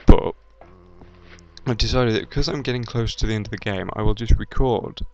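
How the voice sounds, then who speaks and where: A man's voice: on the low side, moderate pace, a little mellow. A young British man with a slight Midlands accent, rambling through a casual video chat with plenty of ums and restarts. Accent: generic British, slight Midlands. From English Midlands. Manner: rambling, hesitant, lots of ums and self-corrections. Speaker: YouTube let's-player. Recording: dull lo-fi voice with faint game music.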